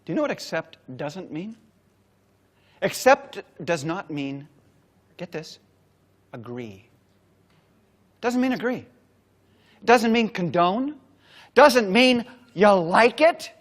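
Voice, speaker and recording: A man giving a motivational keynote, telling a story dramatically with long pauses. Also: high voice, expressive. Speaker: keynote speaker. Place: stage before a large audience.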